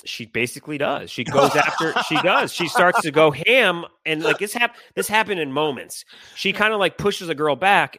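A middle-aged man tells a story in a bright, forceful voice with a dry, close sound. He talks animatedly, swears freely, and acts out the people in it. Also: fairly high pitch, no echo. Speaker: podcast co-host. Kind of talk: casual storytelling chat.

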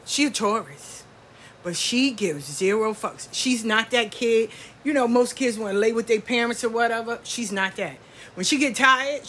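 A husky older woman talks casually about her grandkids, blunt and a bit profane. She laughs a lot as she goes, and her voice sits a little high for a woman. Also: bright, forceful tone. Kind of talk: casual storytelling.

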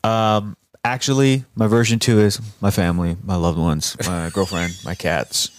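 A man's voice: sits low, steady tone, moderate pace, dry recording, studio quality. A man co-hosting a casual podcast chat, talking enthusiastically and jokingly, often restarting sentences. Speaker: co-host.

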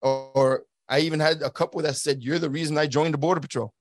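A former border agent in middle age tells his own story as a guest, earnest and fast-talking, with a slightly high voice and steady tone. He acts out quoted lines and keeps restarting his words. The recording has no room sound, clean studio quality.

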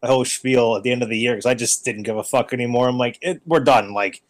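A man's voice: mid-range voice, flat delivery, rapid-fire. A man who teaches, chatting as a podcast guest, telling stories animatedly with casual swearing and bad puns.

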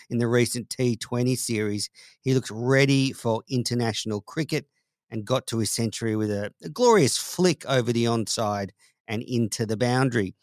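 A man hosting a daily cricket podcast, presenting the news in a clear, steady delivery. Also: mid-range voice, dry recording, clean studio sound. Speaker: host.

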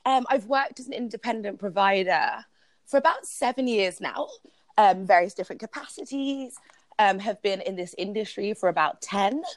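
A woman's voice: mid-range voice, moderate pace, no room sound. A woman from London with a London accent, a guest chatting in a casual interview, bubbly and laughing often. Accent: London English. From London, England.

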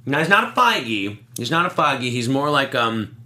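A man co-hosting a casual podcast, often pausing and searching for words. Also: mid-range voice, very animated, pushed and bright. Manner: halting, searching for words with many ums. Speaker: podcast co-host. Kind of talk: casual chat.

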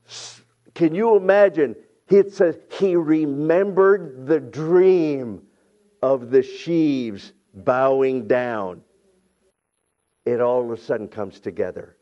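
A middle-aged man preaching a sermon who tells stories, acts out voices, repeats himself and builds to shouting. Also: medium pitch, takes it slowly, dull audio. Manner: many restarts and repeated phrases. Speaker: pastor.

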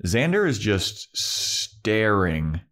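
A man's voice: lowish voice, very animated, extremely slow, fairly bright tone. A man co-hosting a podcast, casually recapping a TV episode and acting out the characters' lines with laughter. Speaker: podcast co-host.

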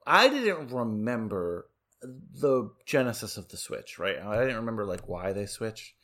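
A young man co-hosting a casual film review chat, relaxed and joking. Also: fairly low pitch, measured pace. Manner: relaxed, joking, filler-heavy. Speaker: podcast co-host.

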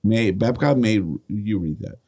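Husky, tipsy man swearing and joking. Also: lowish voice, a little slow, dark tone. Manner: swearing, laughing, joking banter. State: tipsy from drinking. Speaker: podcast co-host. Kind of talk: casual chat podcast.

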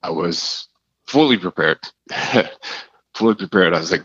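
A man, a podcast guest, telling a personal story in a halting, earnest way, often repeating his phrases. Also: sits low, lively intonation, a bit bright, slightly rough, no room sound, highs cut off.

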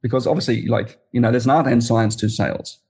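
A man's voice: medium pitch, steady tone, fast talker, a little mellow, breathy edge. A man hosting a podcast interview, talking casually, laughing often and checking in with "right?" and "you know". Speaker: podcast host.

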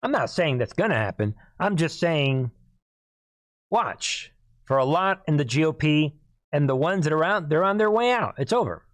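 A hoarse man hosting a political commentary monologue, emphatic, repeatedly clearing his throat and calling out to listeners as "people". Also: on the high side, big pitch swings, normal speed, no room sound. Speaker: host.

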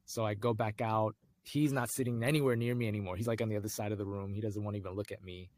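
Young man telling a lively story. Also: fairly low pitch, quick pace. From United States. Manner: animated, acts out voices in his anecdotes. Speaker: guest. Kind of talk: storytelling in casual conversation.

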